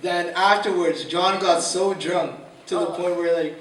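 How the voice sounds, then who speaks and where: A young man spins a casual story for his friends, laughing often and acting out quotes in slang. His voice sits high, and he is picked up by a distant mic in a roomy hall. A crowd chatters behind him. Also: fairly even intonation, measured pace. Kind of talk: casual anecdote telling.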